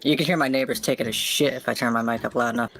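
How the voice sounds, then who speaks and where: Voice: mid-range voice, fairly even intonation, vocal fry, very noisy. A player in a game chat, joking about themselves and talking about their microphone setup. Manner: quick, self-mocking, talks about mic setup. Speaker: fellow player. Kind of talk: casual gaming chat.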